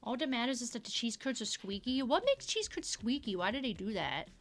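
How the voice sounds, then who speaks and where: A woman's voice: fairly high pitch, big pitch swings, a little fast, fairly bright tone, soft background music. A woman streamer putting on a sweet, playful uwu baby-talk voice, lisping and drawing out her words as she chats while drawing. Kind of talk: casual live-stream chat while drawing.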